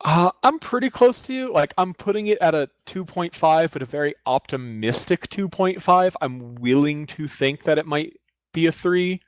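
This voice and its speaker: A man's voice: a little high, lively intonation, normal speed, smooth, dry recording. Man hedging card ratings, dry sound. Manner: hedging, weighs ratings aloud. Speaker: card game podcast co-host. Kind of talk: casual panel discussion.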